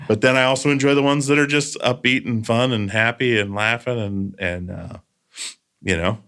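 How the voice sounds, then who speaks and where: A man's voice: medium pitch, fairly even intonation, moderate pace, a bit bright, clean tone. A man hosting a podcast, telling stories in a casual, earnest way with trailing asides. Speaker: podcast host.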